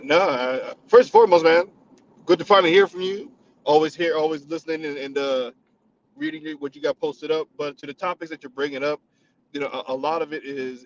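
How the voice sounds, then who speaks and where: Male call-in guest, slightly high voice, dull lo-fi line with faint hiss, thoughtful. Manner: measured, reflective, with fillers. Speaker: caller. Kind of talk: call-in commentary.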